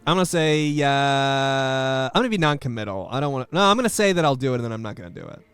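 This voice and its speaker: A young man streaming a game, giving live commentary with sarcastic, deadpan jokes. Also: medium pitch, fast talker, clear, resonant tone, soft background music.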